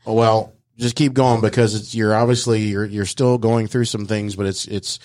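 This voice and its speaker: A male host with a fairly low voice talks with a guest in a casual interview. He is supportive and encouraging, and he hesitates often, filling gaps with "um"s and restarting his phrases. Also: little pitch movement, normal speed, a little mellow.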